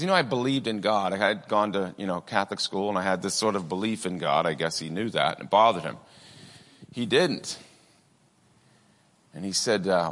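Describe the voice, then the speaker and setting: Guy preaching a sermon, chatty and loose, lowish voice, big echoey hall. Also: fairly bright tone. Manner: conversational preaching with many asides and fillers. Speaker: pastor.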